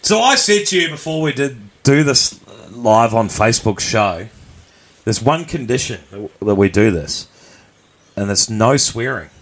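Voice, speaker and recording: A man's voice: medium pitch, lively intonation, measured pace. A man from New Zealand co-hosting a podcast, easygoing and dry in casual banter. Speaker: podcast co-host. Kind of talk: casual banter on a live show.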